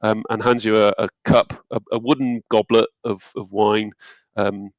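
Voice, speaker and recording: Game master, man, halting and relaxed, dry close sound. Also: on the low side, no room sound, low-quality recording. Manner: hesitant, many ums, relaxed. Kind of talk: narrating a tabletop game.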